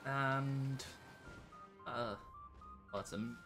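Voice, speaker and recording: A man's voice: medium pitch, fairly even intonation, very slow, music in the background. A tired man streaming a game, rambling with lots of fillers and restarts, drifting into a put-on British-sounding accent. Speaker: livestreaming gamer. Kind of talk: casual gameplay commentary.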